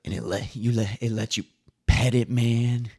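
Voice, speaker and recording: A man doing a loose impression of a spaced-out male comedian, drawling slowly and tagging lines with "man" and "boy". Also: mid-range voice, little pitch movement, a little mellow, breathy edge. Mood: amused.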